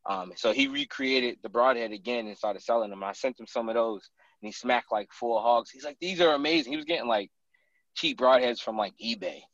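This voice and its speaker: A man telling hunting stories in casual chat as a podcast guest, animated and acting out the lines of others. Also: mid-range voice, a little fast, no echo, muffled recording. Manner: animated storyteller who acts out others' lines.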